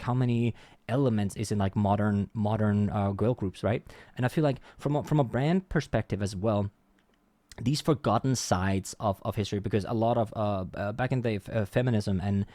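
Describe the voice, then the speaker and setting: A man's voice: fairly low pitch, mellow, no echo. A young man hosting a music reaction, chatting casually and humming the instrument parts he hears. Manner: chatty, hums instrument sounds, self-correcting. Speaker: reaction channel host.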